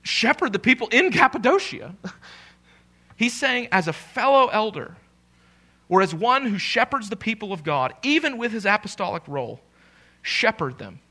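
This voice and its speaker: In a live church service, a male pastor delivers his sermon in a very animated, high-sitting voice that is bright and forceful. He kids around with the congregation and repeats key lines slowly for weight.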